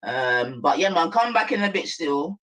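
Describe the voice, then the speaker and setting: High, bright-voiced streamer. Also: male voice, very animated, normal speed, rough recording. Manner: laid-back, slangy, laughs often. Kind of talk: casual stream chat.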